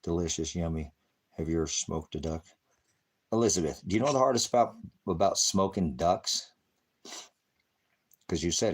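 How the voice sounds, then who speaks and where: A man with a fairly low voice talks to his livestream audience. He wanders from joke to joke and swears freely. At times he turns preachy and urges listeners to get moving. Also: moderate pace, long pauses, slightly rough. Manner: rambling, joking, swearing, preachy urging. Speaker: livestream host. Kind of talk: rambling livestream chat. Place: high desert home.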